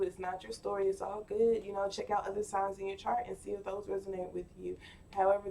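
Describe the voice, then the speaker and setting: Woman, tarot reader, casual reading, chatty, playful, mid-pitched, slightly distant from mic. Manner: chatty, playful, talks straight to viewers with filler words.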